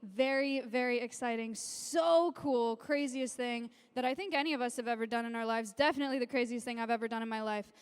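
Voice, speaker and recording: Young woman presenter, gushing and excited, smooth clear voice, live stage mic in a big hall. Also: on the high side, a little fast, few pauses. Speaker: sanctuary founder presenting on stage. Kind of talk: live-streamed stage announcement. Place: large convention hall with live audience. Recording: long hall reverb.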